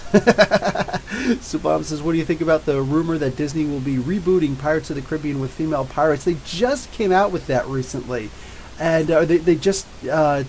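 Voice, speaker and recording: A man in his forties from New Jersey, hosting a live comics podcast and answering viewer comments in a rambling, jokey way, with drawn-out R's. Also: on the high side, darkish tone, slight background noise, rough recording. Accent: New Jersey with drawn-out Ohio-style R's. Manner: rambling, jokey, talks back to chat. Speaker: podcast host.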